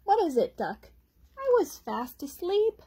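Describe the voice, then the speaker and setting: A woman voicing a tired, grumpy bear in a storybook reading, giving short, flat refusals. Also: very high-pitched, unhurried, voice pushed up, full character voice. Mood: weary. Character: sleepy, grumpy bear wanting rest.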